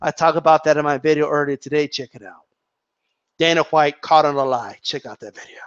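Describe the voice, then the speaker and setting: A man's voice: a little high, a little fast, clear, resonant tone, lo-fi sound. A man hosting his own boxing channel, ranting casually with lots of swearing, repetition and mockery. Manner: profane, repetitive, mocking. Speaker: boxing commentator, channel host. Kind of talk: casual rant to camera.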